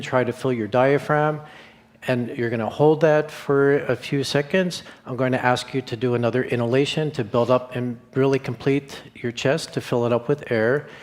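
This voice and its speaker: A male guest speaker calmly guiding a breathing exercise, counting slowly. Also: medium pitch, big-room sound. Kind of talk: guided breathing instruction.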